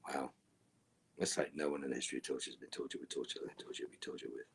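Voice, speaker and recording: A middle-aged man answering fan questions in a virtual Q&A panel over a video call. He is dry and wry, and often trails off into soft, mumbled asides. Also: extremely low pitch, little pitch movement, very fast, a little hiss or hum.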